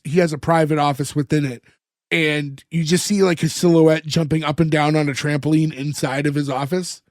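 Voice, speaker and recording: A man's voice: a little high, darkish tone, no echo, studio quality. A man co-hosting a podcast, recapping a sitcom scene by scene and acting out the characters' lines. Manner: storytelling, acts out characters' lines. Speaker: podcast co-host.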